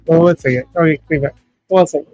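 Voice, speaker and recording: A man's voice: fairly high pitch, a little mellow, dry recording, faint music behind, rough recording. Emotional man hosting a livestream. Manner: emotional, halting, heartfelt. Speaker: livestream host. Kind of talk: casual livestream chat.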